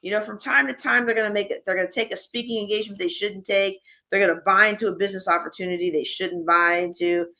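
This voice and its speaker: A woman presenting a live conference workshop, talking in a lively, conversational way straight to her audience. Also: mid-range voice, fast talker.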